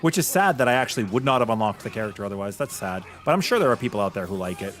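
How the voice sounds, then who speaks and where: Male streamer, casual and opinionated, lively pitch, faint music underneath. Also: very fast. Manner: chatty and opinionated, reacting to chat. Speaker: game streamer. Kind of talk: casual live-stream chat.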